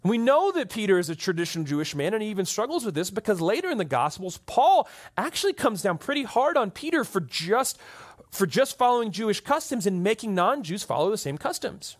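Man, pastor, conversational sermon, high voice, very animated pitch. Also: fairly quick. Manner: conversational, keeps asking "right?". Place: church hall with an audience.

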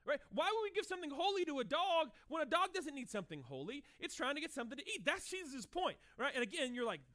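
With a very high-pitched voice and a fast pace, a man in his thirties preaches a sermon. As pastor, he keeps it animated and conversational, acting out short dialogues.

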